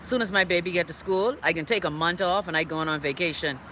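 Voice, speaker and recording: A Bahamian woman talks fast as she hosts a live online show indoors, casually and outspokenly reading viewer comments with playful dialect asides. Her voice is lowish and a bit bright, with slight background noise.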